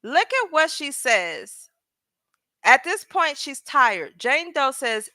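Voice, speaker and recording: A woman with a high, bright voice reads out a legal transcript at an unhurried pace. She stops often to question her viewers directly. The recording is close and dry, with no room sound. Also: sing-song, no room sound. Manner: talks straight to viewers, asking pointed questions. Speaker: legal commentary host. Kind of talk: reading a transcript aloud with commentary.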